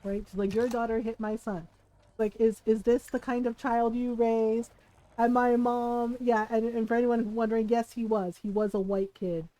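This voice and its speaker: A woman streamer telling a story in casual chat, animated, often checking in with "right?" and laughing between lines. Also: on the high side, moderate pace, poor audio. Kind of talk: casual storytelling while gaming.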